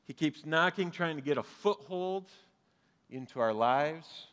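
Pastor preaching in a reverberant hall. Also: male voice, a little high, animated, measured pace, a bit bright. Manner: earnest, conversational preaching with light humor. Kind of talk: sermon. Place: church sanctuary, live and streamed.

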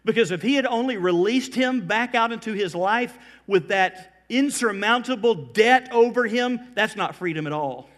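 A middle-aged male pastor with a notably high-pitched voice delivers a sermon. He builds intensity through repetition and drops his pace to weigh single words. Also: fairly bright tone. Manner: emphatic preaching that swells in volume on repeated phrases; slows down to stress key words.

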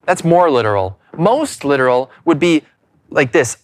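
A man pastor preaching a sermon earnestly, repeating words as he goes and dropping to hushed lows between loud points. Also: sing-song, normal speed, no echo. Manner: frequent repeated words and restarts.

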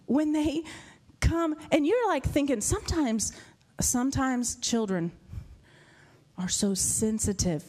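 A woman preaching a sermon to a congregation in a church, animated and laughing often. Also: medium pitch. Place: church hall with live audience.

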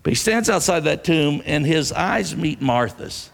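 A male pastor preaches slowly in a gravelly voice, telling the story earnestly and repeating his key phrases. His voice rings with a long reverb through a church sanctuary. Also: a little high, expressive. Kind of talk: sermon. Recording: long reverb of a large hall.

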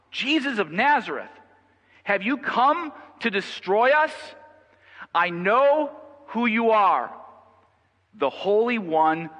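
Man doing a screeching hostile demon, very high, shouted, long echoing reverb, dull lo-fi sound. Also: exaggerated voice. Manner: shouting, drawn out. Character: shrieking hostile demon inside a possessed man.

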